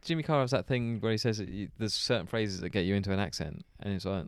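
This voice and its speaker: A man's voice: lowish voice, quick pace, clean tone, no echo. A man co-hosting a casual chat, reading out listener questions and steering the talk, laughing easily. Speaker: podcast co-host.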